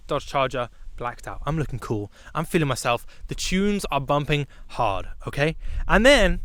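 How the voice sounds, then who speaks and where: A young British man telling a comic storytime vlog, animated, with sudden loud bursts. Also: a little high, normal speed, no echo. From Britain. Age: young adult. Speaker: vlogger.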